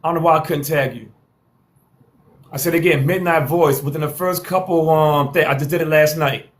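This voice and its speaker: A man's voice: fairly high pitch, steady tone, moderate pace. A man hosting a live social stream, hyping viewers with repeated calls to follow and share and playful trash talk.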